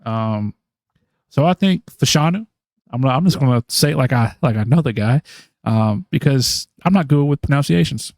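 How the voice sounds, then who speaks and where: A man's voice: mid-range voice, lively intonation, normal speed, vocal fry, a little mellow, no room sound, clean studio sound. A man co-hosting a podcast, talking through draft picks in casual chat, thinking aloud with many ums and restarts. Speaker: podcast co-host.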